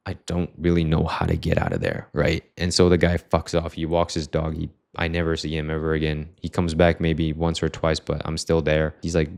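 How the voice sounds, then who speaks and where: A man's voice: low voice, lively intonation, a little fast, hardly any pauses. A young man talking frankly in a personal vlog, swearing often, rambling and restarting his sentences. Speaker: vlogger.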